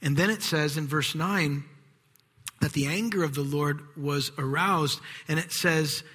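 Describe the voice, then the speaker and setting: Man in a church hall preaching, bright and husky, animated, acts out the voices, long reverb. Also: on the high side, a little slow. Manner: animated, acts out quoted voices, drops to hushed whispers. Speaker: pastor. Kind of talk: sermon.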